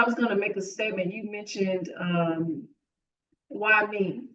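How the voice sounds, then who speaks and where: A woman's voice: mid-range voice, fairly bright tone, distant mic. A woman hosting an interview podcast, asking questions and affirming her guest in a supportive way. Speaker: podcast host. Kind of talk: conversational interview. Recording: dull sound from farther off.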